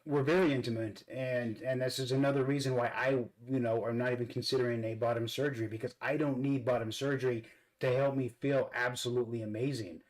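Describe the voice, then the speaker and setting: A man's voice: mid-range voice, steady tone, a little fast, hardly any pauses, rough recording. Earnest man talking through his makeup. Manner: earnest, repeats words while searching for them. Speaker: vlog host. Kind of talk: casual talk while doing makeup.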